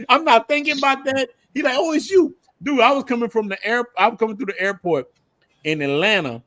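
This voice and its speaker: High-pitched animated man hosting a stream. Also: no echo. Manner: animated storytelling, laughs often. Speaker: host. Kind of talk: casual group chat on a livestream.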